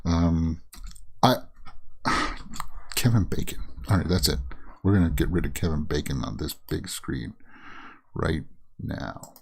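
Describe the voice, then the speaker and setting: A man's voice: very deep voice, a little slow, gravelly, long pauses, slightly rough. A man hosting a casual movie news show, rambling through reactions with many fillers and frequent chuckles. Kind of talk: casual commentary while browsing and reading tweets.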